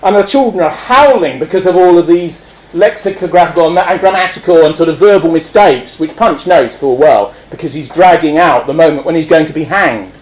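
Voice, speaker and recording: A man's voice: on the high side, lively intonation, a little fast, low-quality recording. A man giving a wry, digressive lecture, laughing often. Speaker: speaker.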